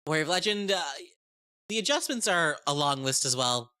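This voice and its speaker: A woman chatting excitedly about a tabletop game, profane and rambling, often restarting her sentences. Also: sits low, normal speed. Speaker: game content creator. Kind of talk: casual tabletop game review.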